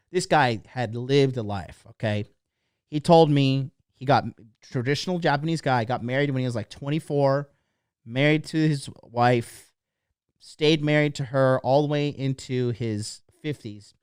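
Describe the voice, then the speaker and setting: A man's voice: medium pitch, a little slow, clear, resonant tone, no room sound, studio quality. A man in his thirties, a dating coach telling a rambling story in a blunt, profane motivational monologue.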